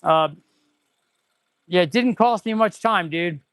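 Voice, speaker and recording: An excitable mechanic streaming live from his repair shop, rambling to viewers as he tests parts. His voice sits high for a man and sounds dry and close on a clip-on mic. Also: slow, no room sound. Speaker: auto mechanic and shop owner hosting a livestream. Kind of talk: casual livestream chat while working. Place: auto repair shop, indoors.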